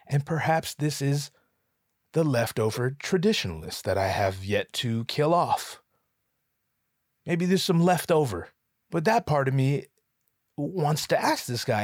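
A man riffing in a rambling comedic monologue at home, profane and often interrupting himself as he works through his thoughts out loud. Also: on the high side, no echo, clean studio sound. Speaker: solo commentator.

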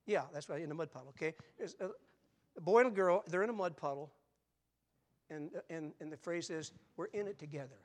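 Older man, pastor, high-pitched voice, sermon, emphatic then quiet and chatty. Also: fairly quick. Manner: swings from loud emphatic preaching to quiet conversational asides.

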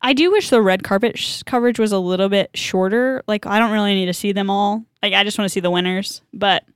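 Woman podcast host, chatty and bubbly; clean, smooth voice, dry booth sound. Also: medium pitch, fast talker, no echo. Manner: bubbly, chatty, many filler likes. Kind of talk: casual chat.

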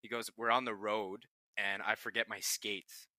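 A young man spins locker-room tales with a bright, lively edge and lots of swearing. His voice sits a little low, and the sound is dry and close with no room around it. It's loose, casual podcast banter. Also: normal speed, dry recording. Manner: profane, laughing anecdotes. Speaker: podcast co-host, pro hockey player. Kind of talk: casual storytelling chat.

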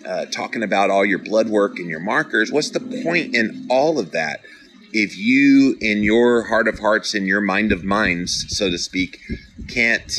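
A man's voice: on the low side, bright, forceful tone, poor audio. A middle-aged man hosting a podcast, talking casually and earnestly as he encourages listeners and reads out their comments. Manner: earnest, encouraging, playfully dramatic. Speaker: podcast host reading live comments. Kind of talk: casual motivational talk.

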